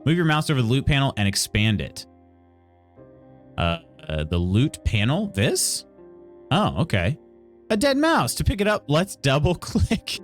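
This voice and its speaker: Playful man with a lively voice. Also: on the high side. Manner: playful, wry asides to chat. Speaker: game streamer. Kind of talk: live gameplay stream, reading tutorial text aloud.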